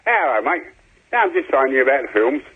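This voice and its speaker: Raspy caller on a dull phone line. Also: male voice, mid-range voice, big pitch swings, quick pace. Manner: chatty, insistent, cheeky. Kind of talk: phone-in call.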